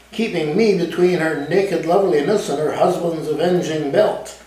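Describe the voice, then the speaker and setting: A man reading aloud from his own novel in the first person, with lively, dramatic storytelling at a café event. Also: a little high. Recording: echoey room, mic at a distance.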